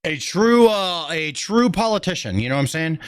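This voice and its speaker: A man's voice: fairly high pitch, sing-song, normal speed, a little hiss or hum. A man hosting a reaction stream, giving blunt, profane running commentary.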